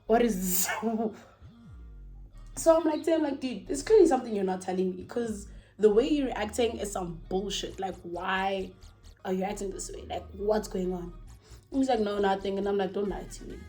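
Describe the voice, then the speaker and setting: A young South African woman tells a story to camera in a casual vlog. She is animated and exclaiming, swearing freely and saying "like" a lot, at a middle pitch, with faint music underneath. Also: moderate pace.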